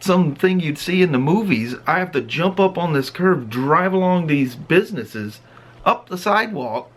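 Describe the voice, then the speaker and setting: Middle-aged man telling a lively story. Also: fairly high pitch, moderate pace. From Pacific Northwest of the US. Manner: animated, laughs and acts out the story. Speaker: vlog host. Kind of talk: casual storytelling.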